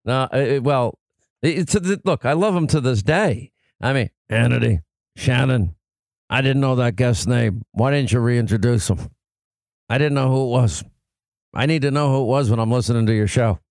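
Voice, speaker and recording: A man hosting a political talk radio show, punchy and combative with quick asides, on a studio microphone. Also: medium pitch, a little mellow, no echo.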